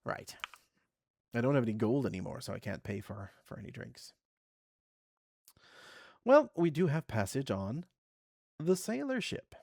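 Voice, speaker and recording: A man's voice: medium pitch, very animated, normal speed, vocal fry, pauses often, darkish tone, dry recording. A man hosting a casual let's play, chatting and reading game text aloud with a few self-corrections.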